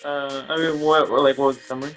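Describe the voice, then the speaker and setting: A man of middle pitch who speaks quickly and gives short, blunt, disbelieving replies. Faint music plays behind him. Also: level tone, a bit bright. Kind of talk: casual chat.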